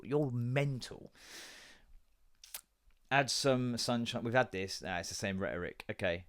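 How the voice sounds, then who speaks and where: An English man in his thirties hosts a solo podcast in a loose, rambling way. He jumps between stories, swears freely and slips into put-on voices when he quotes people. His voice sits at an ordinary middle pitch. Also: lively intonation, brisk, fairly bright tone. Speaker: podcast host. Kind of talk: casual solo chat.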